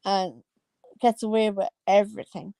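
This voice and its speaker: A woman's voice: medium pitch, fairly even intonation, normal speed, gravelly, dark tone, no room sound. A woman, gossiping casually about online videos and exclaiming often. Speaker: commentary vlogger. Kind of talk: casual chat.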